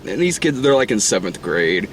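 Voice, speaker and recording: A man's voice: measured pace, fairly bright tone. Man, casual movie chat, rambling, profane, laughs a lot, faint hiss behind. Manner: rambling, profane, laughs often, acts out lines in falsetto. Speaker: podcast co-host reviewing a movie.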